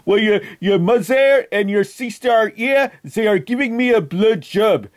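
A man playing a stubborn, fussy French immigrant on a prank call, with an exaggerated put-on French accent and deadpan repeated demands. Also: high-pitched, unhurried. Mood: insistent. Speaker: prank caller.

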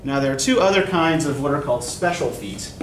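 A man's voice teaches a poetry class in a plain explanatory lecture, pausing often to ask "right?". He sits slightly high in pitch. The recording picks him up from a distance in a roomy, echoing classroom with faint background noise. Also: lively intonation. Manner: explanatory, keeps asking "right?". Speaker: English instructor. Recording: echoey classroom recorded from afar.

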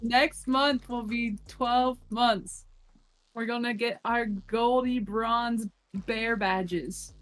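A woman's voice: on the high side, fairly even intonation, drawn-out words, a bit bright. A woman streaming a game with friends, chatting loosely, swearing freely and reading out chat messages. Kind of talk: casual gaming stream chat.

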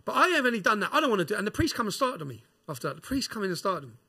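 A man tells a rough story on a podcast, animated and quick. His voice sits high and sounds husky, with a bright edge. He swears and uses slang. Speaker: podcast guest. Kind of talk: casual storytelling.

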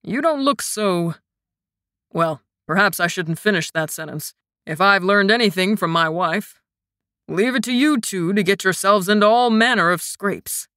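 A woman's voice: mid-range voice, expressive, measured pace, a bit bright, clear, resonant tone, no room sound, clean studio sound. A woman voicing a jovial, good-humored older man with a hearty delivery.

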